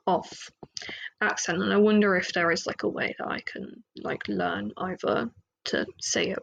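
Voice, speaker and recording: An English woman talks through her solo podcast at an unhurried pace, her voice dipping into a gravelly fry. She rambles, fills gaps with "um" and "like", and pokes fun at herself. Her pitch sits in a middle range. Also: fairly even intonation, lo-fi sound, slight background noise. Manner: rambling, self-deprecating, many fillers. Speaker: podcast host. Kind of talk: casual solo podcast chat.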